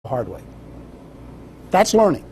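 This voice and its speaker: A man's voice: fairly high pitch, wildly swooping pitch, slow pace, gravelly, warm tone, slight background noise. Man giving an easygoing lecture. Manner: varied pace, storytelling, asks for questions. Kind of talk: conversational lecture.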